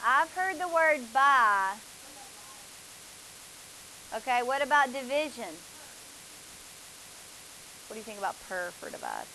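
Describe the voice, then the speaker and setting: A woman's voice: high-pitched, wildly swooping pitch, takes it slowly, pauses often, sharp tone, slight background noise, poor audio. A woman, teaching a math class, asking students questions and praising their answers.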